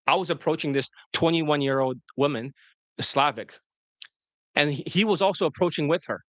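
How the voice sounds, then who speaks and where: A man talking fast and rambling as a dating coach on a livestream, often breaking off mid-sentence. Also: fairly high pitch, fairly bright tone, no room sound. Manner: fast, rambling, self-interrupting.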